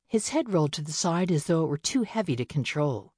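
A woman narrating a novel in a steady, measured storytelling voice. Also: sits low, husky, no echo, clean studio sound. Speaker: audiobook narrator. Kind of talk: scripted narration.

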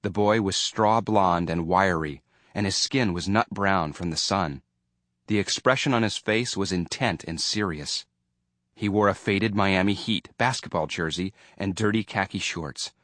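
A man narrating an audiobook in a measured storytelling manner. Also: deep voice, fairly bright tone, dry recording. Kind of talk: scripted narration.

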